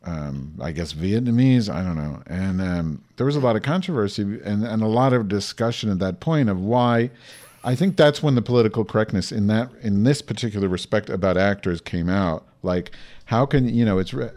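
Low deep guy, laid back podcast co-host, asks stuff. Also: lively intonation, moderate pace, darkish tone. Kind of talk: podcast discussion.

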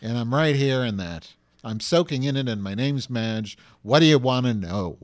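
A man's voice: medium pitch, animated, moderate pace. A man co-hosting a casual podcast chat, brash, profane and theatrical. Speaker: podcast co-host.

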